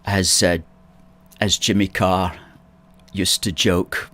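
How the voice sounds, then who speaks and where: Deep-voiced Scottish man from Ayrshire. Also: level tone, takes it slowly, a bit bright. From Scotland, Ayrshire. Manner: chatty, reads out viewer comments, wry asides. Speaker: host of a political livestream. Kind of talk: casual livestream chat reading viewer comments.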